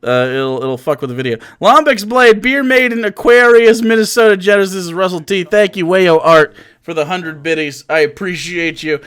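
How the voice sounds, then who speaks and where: Bright-voiced mocking male streamer. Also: high-pitched, moderate pace, hardly any pauses, clear, resonant tone. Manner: mocking, profane, laughs often. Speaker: livestreamer. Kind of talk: casual livestream chat.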